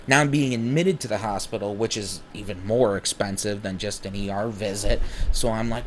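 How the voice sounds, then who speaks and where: A man telling his own story casually, rambling with many fillers and self-corrections, and growing animated when he acts out dialogue. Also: lowish voice, a little fast, few pauses, a little hiss or hum.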